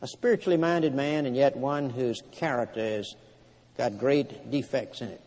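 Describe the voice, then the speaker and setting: A man preaching a sermon, retelling scripture in a plain storytelling way with frequent pauses and fillers. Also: medium pitch, a little mellow. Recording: long hall reverb.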